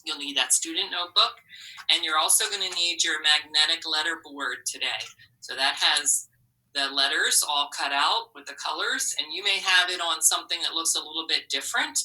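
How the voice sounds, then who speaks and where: Low, bright-voiced woman teaching phonics. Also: distant mic, rough recording. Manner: slow, encouraging, enunciates letter sounds. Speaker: literacy specialist teacher. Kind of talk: recorded phonics lesson for children.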